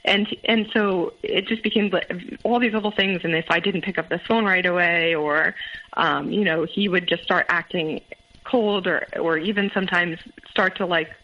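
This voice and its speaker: A woman in her thirties, a guest recounting her own past in a halting way, with many fillers and restarts. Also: lowish voice, fairly even intonation. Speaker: interview guest. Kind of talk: candid personal storytelling. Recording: muffled phone-line audio.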